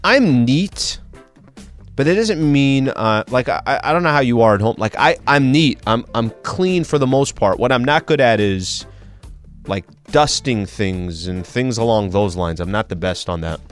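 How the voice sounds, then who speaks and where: Middle-pitched guy cohosting, easygoing storytelling, faint music behind. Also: expressive, normal speed. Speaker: radio show co-host. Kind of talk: casual chat.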